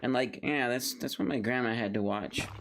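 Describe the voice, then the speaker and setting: A man's voice: medium pitch, steady tone, moderate pace, a bit bright, slight background noise. A young man giving casual, rambling commentary while playing a game, talking playfully to himself and to the game. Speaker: gaming video creator.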